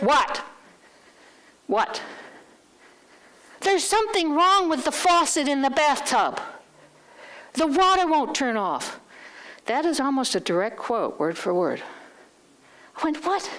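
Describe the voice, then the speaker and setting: A middle-aged woman speaking at a church, telling a candid personal story and acting out the dialogue. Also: high-pitched. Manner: candid, animated, acts out dialogue.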